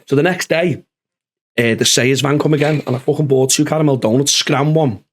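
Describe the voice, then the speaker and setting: A man's voice: medium pitch, fairly quick. A man, hosting a podcast in casual chat and telling a rowdy workplace story full of swearing and acted-out quotes. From Liverpool, England. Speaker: podcast host.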